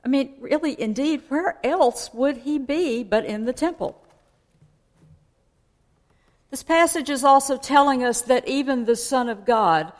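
A woman preaching a sermon in a conversational way, explaining and asking her listeners questions. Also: a little high. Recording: long hall reverb.

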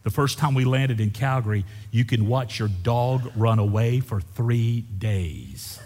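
A man preaching a sermon, building to loud repeated refrains and joking with the congregation. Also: medium pitch, a little slow, slight background noise. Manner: preaching with rising intensity, repeating phrases. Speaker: pastor. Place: church sanctuary. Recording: church hall with long reverb.

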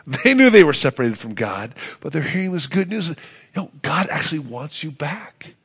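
A man preaching a sermon as pastor, earnest, building to emphatic peaks and then dropping soft. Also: a little high, very animated, moderate pace, breathy edge.

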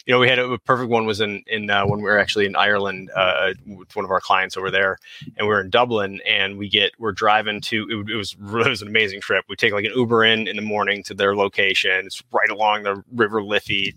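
Bright-voiced low man telling a story. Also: little pitch movement, fast, no echo, low-quality recording. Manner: storytelling, laughs often, quotes others. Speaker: podcast co-host, guest. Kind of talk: casual podcast conversation.

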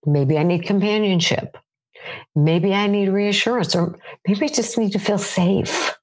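A woman's voice: low voice, darkish tone. A middle-aged woman teaching as a coach, earnestly asking herself questions aloud as she talks through feelings and needs. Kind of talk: motivational teaching talk.

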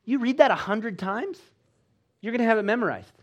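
A man preaching a sermon with exhortations, swinging between loud emphatic lines and quiet low ones. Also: lively intonation, a little fast. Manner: exhorting, with call-and-response asides. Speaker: pastor.

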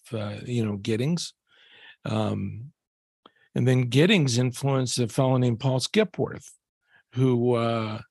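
A man co-hosting a podcast, speaking in relaxed, halting casual conversation with many fillers. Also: medium pitch, creaky, husky, dry recording, studio quality. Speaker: podcast co-host.

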